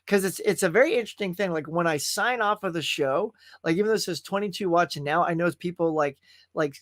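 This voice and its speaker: A man's voice: high voice, fairly bright tone, dry recording, studio quality. A man hosting a live movie chat stream, casual and folksy, chatting straight to his viewers. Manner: chatty and folksy, often calls viewers "y'all".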